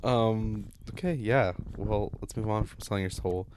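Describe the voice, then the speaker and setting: Young guy cohost, lowish voice, keeps the chat on track, slight hiss in the back. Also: unhurried. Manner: steady, reads out stats, steers the talk. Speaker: podcast co-host. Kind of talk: casual chat.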